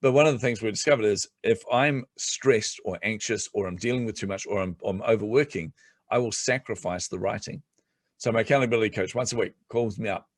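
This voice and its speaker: A middle-aged man chatting on a podcast as a guest, telling animated stories and laughing often. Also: lowish voice, fairly quick, no room sound, studio quality. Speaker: guest entrepreneur. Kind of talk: casual podcast chat.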